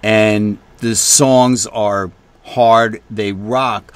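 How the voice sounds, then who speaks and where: A man's voice: fairly low pitch, steady tone, drawn-out words, clear, resonant tone. A man hosting a rock radio interview, chatting casually and enthusiastically, swearing freely. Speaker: radio show host.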